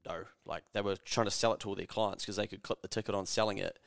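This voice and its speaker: A man's voice: on the low side, fairly even intonation, fast talker, creaky, no echo, clean studio sound. A young man, telling stories in a casual, sweary podcast chat and acting out the people in them. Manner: sweary storytelling, acts out the people in his stories. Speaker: podcast co-host.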